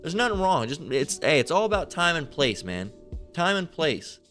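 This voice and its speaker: A man's voice: a little high, very animated, normal speed, fairly bright tone, faint music behind. Profane rambling man preaching. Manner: rambling, repetitive, swears a lot. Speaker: religious commentator. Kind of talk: profane casual preaching rant.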